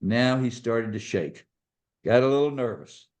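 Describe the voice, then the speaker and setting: A man's voice: medium pitch, unhurried. A man who is a podcast guest and author, telling a personal story and acting out the other people in it. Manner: animated storyteller, acts out voices.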